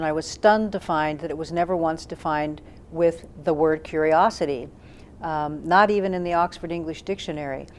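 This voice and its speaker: A woman communication trainer explaining her ideas in a thoughtful, unhurried talk with frequent "um" fillers. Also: on the low side, darkish tone, a little hiss or hum. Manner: thoughtful, demonstrates questions with tone shifts, frequent um and uh fillers.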